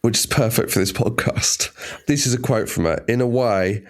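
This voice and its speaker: A man's voice: mid-range voice, moderate pace. A man co-hosting a podcast, chatting in a wry, joking way and swearing freely. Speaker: podcast co-host. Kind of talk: casual comedic chat.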